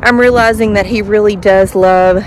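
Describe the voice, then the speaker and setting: A woman's voice: medium pitch, steady tone, normal speed. A woman chatting casually while she walks her dogs through the neighborhood. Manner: chatty, praises dogs in a sing-song voice. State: a bit out of breath after sprinting. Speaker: vlogger walking her dogs. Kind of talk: casual chat while walking. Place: outdoors on a neighborhood street. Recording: outdoor background noise.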